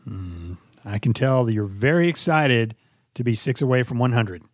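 A man's voice: mid-range voice, normal speed, no room sound, clean studio sound. A middle-aged man co-hosting a casual podcast with his son, talking in a joking, playful way. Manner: joking, playful, lively delivery. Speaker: podcast co-host, father. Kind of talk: casual chat.

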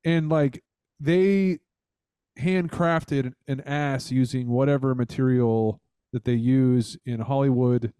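A man's voice: mid-range voice, steady tone, slow, mellow, clean tone, dry recording, clean studio sound. A man hosting a podcast who rambles along casually and swears while mocking someone. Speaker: podcast host.

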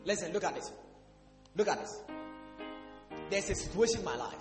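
A male pastor preaching a sermon, asking the congregation questions and breaking into sudden shouts. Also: high voice, lively intonation, normal speed. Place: church hall. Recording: echoey hall with faint music.

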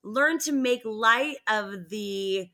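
Laughing woman podcast co-host, higher voice. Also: extremely slow. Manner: animated storyteller, laughs often. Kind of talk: casual chat.

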